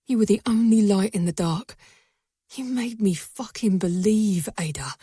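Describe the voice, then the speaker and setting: A woman voicing a dangerous but tender young mafia man in an audiobook, speaking low and intense, often in a whisper. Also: unhurried, mellow, husky, no echo, clean studio sound. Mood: fervent.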